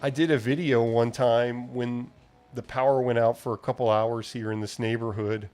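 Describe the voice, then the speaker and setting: A man's voice: mid-range voice, fairly even intonation, moderate pace, darkish tone. A man hosting a live stream, chatting casually and reading viewer messages aloud as he answers them. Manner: rambling, reads viewer chat aloud and answers it. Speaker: livestream host. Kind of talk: casual live chat while using a computer.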